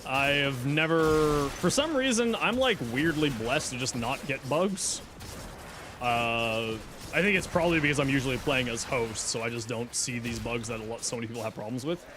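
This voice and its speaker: A medium-pitched man talks at a moderate pace over a noisy background as he streams a game. He's easygoing and jokey, reading out viewer questions and giving offhand replies in casual chat.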